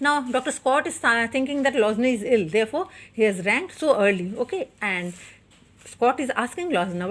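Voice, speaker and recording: A woman's voice: on the high side, lively intonation, quick pace, a bit bright. A woman teacher with an Indian English accent, reading a story aloud and then explaining it in simple words to her class. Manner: reads a passage then paraphrases it, with frequent "okay".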